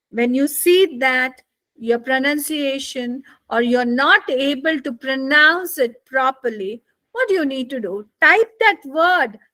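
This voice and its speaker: Lively high-voiced Indian English teacher. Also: female voice, no room sound. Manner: lively rising and falling intonation, asks "isn't it?" often. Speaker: IELTS speaking instructor. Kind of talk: live online class lecture.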